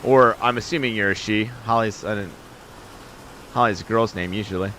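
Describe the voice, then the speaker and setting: Bright-voiced upbeat male game streamer. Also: lowish voice, fairly even intonation, moderate pace, slight background noise. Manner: chatty, upbeat, talks straight to viewers in chat. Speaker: live-stream host and game commentator. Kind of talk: live-stream chat and play-by-play commentary.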